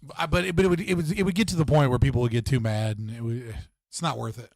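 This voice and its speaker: A man's voice: medium pitch, steady tone, fast talker, dry recording, clean studio sound. A young man hosting a casual livestream, rambling and swearing, often restarting sentences and laughing. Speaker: livestream host.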